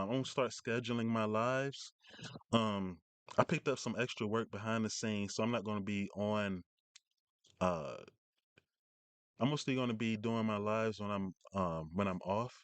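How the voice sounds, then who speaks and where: A man's voice: medium pitch, clean tone, no echo. A man hosting a casual live stream, rambling through news with many fillers and restarts from his home setup.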